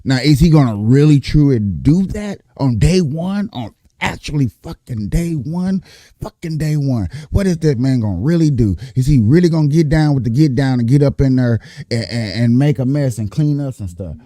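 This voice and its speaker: A man's voice: medium pitch, lively intonation, normal speed, dark tone, no echo. A man talking in a profane, emphatic casual monologue, repeating his points in heavy slang. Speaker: streamer and political commentator.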